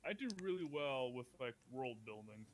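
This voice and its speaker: A man chatting casually as a tabletop player, reflective but emphatic. He often punches a word with a sudden loud stress. His voice sits at an ordinary middle pitch. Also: animated, normal speed, a crowd in the background. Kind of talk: casual chat.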